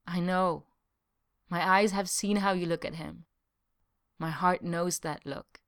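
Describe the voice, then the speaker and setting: A woman reading the part of a frank, caring young woman in a storybook, soft and earnest. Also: lowish voice, steady tone, takes it slowly. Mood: tender.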